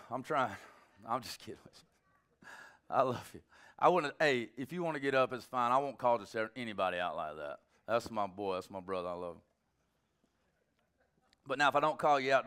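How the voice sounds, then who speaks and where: A man's voice: medium pitch, a bit bright, clear, resonant tone. A man preaching a sermon in a loose, joking, conversational way, teasing his congregation between points. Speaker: pastor.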